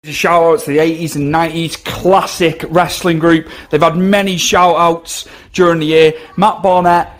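A man hosting a podcast, asking loose questions and giving shout-outs. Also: fairly high pitch, flat delivery, normal speed, few pauses. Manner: short affirmations and loose questions. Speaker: podcast host. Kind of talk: casual interview.

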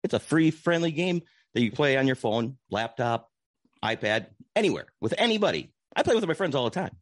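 A man's voice: mid-range voice, very animated, brisk, dry recording, clean studio sound. A man doing a playful, comedic ad read in a salesy manner.

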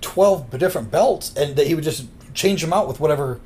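A man's voice: a little high, brisk, a little mellow. A man co-hosting a podcast who tells rambling anecdotes in casual chat and acts out the quotes. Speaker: podcast co-host.

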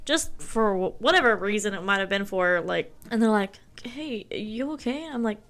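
A young woman from Oklahoma co-hosting a podcast in casual chat, blunt and quick to swear. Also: medium pitch, lively intonation, gravelly, a bit bright, clear, resonant tone. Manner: blunt, swears freely, echoes her co-host. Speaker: podcast co-host.

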